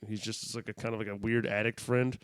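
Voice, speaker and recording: A man's voice: on the low side, flat delivery, brisk, clear, resonant tone, dry recording, studio quality. A man co-hosting a casual podcast, telling a loose, profane story full of laughs and swearing. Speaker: podcast co-host. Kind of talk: casual chat.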